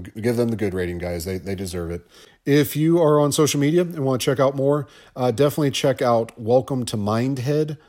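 A man's voice: mid-range voice, darkish tone. A man co-hosting a film podcast, rambling through his commentary and often stumbling and repeating words. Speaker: podcast co-host discussing a film.

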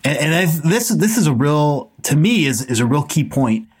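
Husky-voiced podcast co-host. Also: medium pitch, very animated, moderate pace. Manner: hesitant, thinks aloud with restarts. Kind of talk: casual film discussion.

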